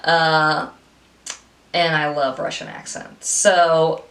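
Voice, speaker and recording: Profane, animated young woman in echoey room. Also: sits low, takes it slowly. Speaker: podcast co-host. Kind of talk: casual movie review chat.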